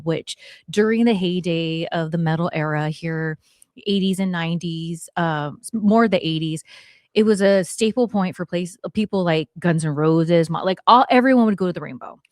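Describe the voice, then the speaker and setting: A woman in her forties hosting a talk show, telling a story in a lively way and acting out what people said. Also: on the low side, no echo, studio quality. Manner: animated, acts out quotes, swears it is true. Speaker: podcast host. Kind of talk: storytelling chat.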